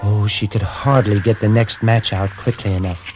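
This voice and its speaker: A man telling a fairy tale in a gentle, dramatic storytelling reading with hushed pauses. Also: on the low side, steady tone. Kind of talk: scripted narration of a fairy tale. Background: music.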